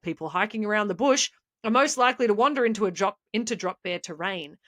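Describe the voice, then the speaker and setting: An Australian woman hosting a podcast, spinning a comic story in a playful, mock-serious way. Her voice is mid-pitched, and the recording is dry and close. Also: expressive, quick pace, a bit bright, no echo. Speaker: podcast co-host.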